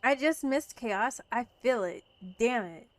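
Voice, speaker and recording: A woman with a high voice streams a game and talks straight to her viewers. She swings between quiet muttering and sassy, profane scolding of chat. Soft game music plays underneath. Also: expressive, a little slow, no room sound. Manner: muttering to herself between outbursts. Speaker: livestreamer. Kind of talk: casual gameplay chat with viewers.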